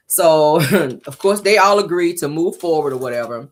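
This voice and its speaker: A sassy woman with a low voice recaps reality TV in a casual, chatty way. Her pitch swings widely as she acts out each person's lines, and she adds her own commentary. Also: expressive, moderate pace. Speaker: reality show recap host.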